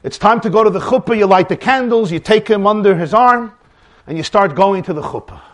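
Man, high voice, lively pitch, dramatic lecturing. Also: brisk. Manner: dramatic, acts out dialogues with rising emphasis. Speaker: Jewish religious lecturer. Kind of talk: animated Torah lecture with acted dialogue.

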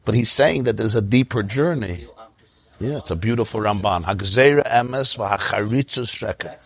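A man's voice: lowish voice, moderate pace, vocal fry. A man talking reflectively in conversation, teaching and explaining terms as he goes.

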